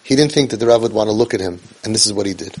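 Gravelly man telling an uplifting story. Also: lowish voice, racing, a little mellow. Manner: emphatic, repeats key phrases for effect; sprinkles Hebrew and Yiddish terms. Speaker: speaker on parenting and faith. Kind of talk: inspirational storytelling speech.

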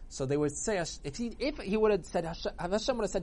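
A man retelling a religious story for children in an animated way, acting out the characters. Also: on the high side, quick pace.

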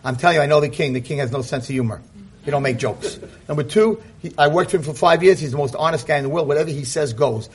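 A man voices a loyal young man who trusts the king and argues for it earnestly and insistently. The tone is husky and slightly high. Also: quick pace.

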